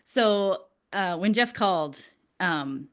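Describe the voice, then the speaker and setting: A woman's voice: fairly low pitch, animated, slow. A woman, a business coach hosting, speaking candidly, emotional and blunt, swearing freely. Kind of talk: candid conversational talk.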